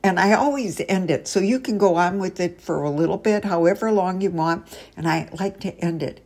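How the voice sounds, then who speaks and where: A woman's voice: mid-range voice, animated, normal speed, darkish tone, a little hiss or hum. A woman teacher trainer giving an upbeat instructional video tip, laughing often between phrases.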